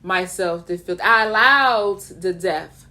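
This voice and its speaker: A woman's voice: lowish voice, takes it slowly. A middle-aged woman hosting a casual radio talk show, speaking in a motivational, preachy way and sometimes mocking other people's voices. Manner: animated, preachy, slips into mocking quoted voices.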